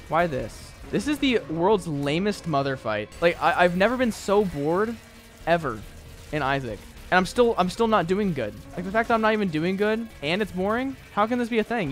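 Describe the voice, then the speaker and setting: A man streaming a video game, giving casual running commentary, often exasperated and mocking himself. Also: fairly high pitch. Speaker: gaming streamer. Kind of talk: casual let's-play commentary.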